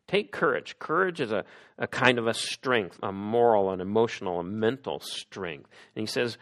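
A man's voice: lowish voice, expressive, moderate pace, fairly bright tone. A man preaching a sermon, talking it through with rhetorical questions to the congregation. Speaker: pastor.

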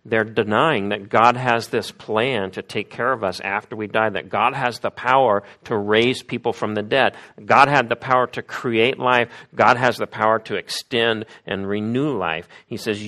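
A man's voice: mid-range voice, moderate pace, few pauses, pushed and bright. A man preaching a sermon in an emphatic way, acting out the voices of the people in the story he tells. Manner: acts out quoted voices, emphatic.

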